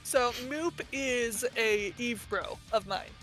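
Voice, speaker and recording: A woman's voice: a little high, takes it slowly, fairly bright tone, faint music behind. A woman guest streamer in casual chat, explaining her thoughts at length with a loose, reflective manner and frequent fillers.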